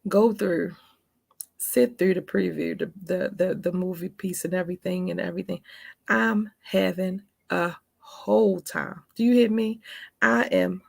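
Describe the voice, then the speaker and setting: A woman's voice: on the low side, steady tone, measured pace, creaky, a little mellow, breathy edge, no room sound, clean studio sound. A woman in her forties telling a personal story in a casual vlog, chatty and emphatic, calling her viewers honey and baby. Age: 40s. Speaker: vlogger.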